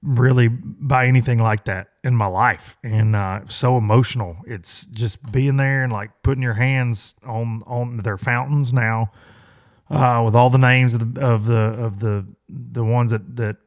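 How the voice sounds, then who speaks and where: A man's voice: mid-range voice, fairly even intonation, a little slow. A man in his forties hosting a podcast, telling a story in a loose, rambling way with many fillers and restarts. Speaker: podcast host. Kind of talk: casual storytelling monologue.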